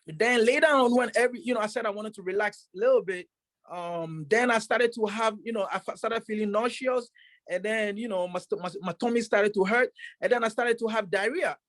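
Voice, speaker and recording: A professional boxer telling a story in a casual interview, rambling with many fillers and restarts. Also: male voice, sits high, a little fast, fairly bright tone, no echo.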